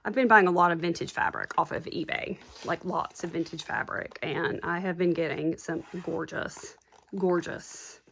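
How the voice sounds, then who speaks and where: Gushing over handmade junk journals, a female craft seller chats casually with her audience in show-and-tell style. Her lowish, gravelly voice has a fairly bright tone, with slight background noise.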